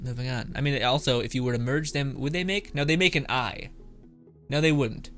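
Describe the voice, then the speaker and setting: A man's voice: medium pitch, lively intonation, moderate pace. A man reacting to internet memes in casual commentary, laughing often, swearing, and rambling off into asides. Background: background music.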